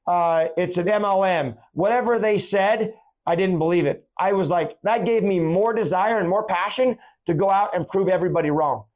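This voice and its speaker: Male podcast host, higher voice, animated storyteller in casual monologue. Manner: animated, tells anecdotes acting out quotes.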